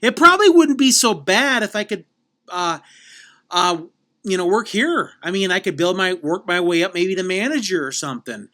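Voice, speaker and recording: A man playing a hapless young southern grocery clerk, put-on southern drawl, high and bright, halting delivery. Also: lively intonation. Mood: hopeful. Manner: halting, hemming.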